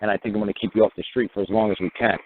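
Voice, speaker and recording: A man's voice: fairly low pitch, level tone, racing, a little hiss or hum, natural voice. A radio host playing a blunt, sarcastic male police officer, heard over narrow radio audio.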